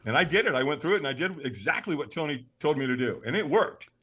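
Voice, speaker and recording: Animated, bright-voiced storytelling man. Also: a little high, quick pace, slightly rough. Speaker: podcast guest. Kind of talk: storytelling in an interview.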